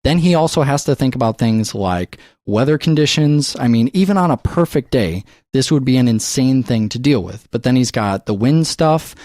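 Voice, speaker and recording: A man co-hosting a podcast in a studio, talking about movies in a casual, animated way and swearing freely. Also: mid-range voice, moderate pace, hardly any pauses, no room sound. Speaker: podcast co-host. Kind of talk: casual film chat.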